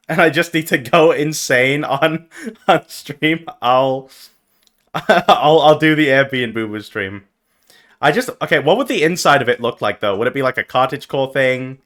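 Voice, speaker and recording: A young man streaming as a VTuber, chatting casually with his viewers and jumping from mumbled asides to loud yelps. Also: on the high side. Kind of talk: casual live-stream chat.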